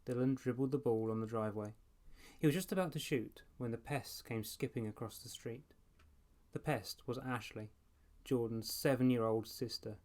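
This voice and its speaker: A man's voice: mid-range voice, darkish tone. A man in his thirties reading a children's horror story aloud. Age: 30s. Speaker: audiobook reader. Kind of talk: storybook narration.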